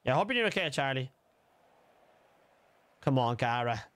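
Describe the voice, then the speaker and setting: Lively, bright-voiced Irish streamer guy. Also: medium pitch, normal speed, clean tone. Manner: chatty, swears freely, reads out chat names, shouts at goals. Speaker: gaming streamer. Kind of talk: casual live-stream chat and game commentary.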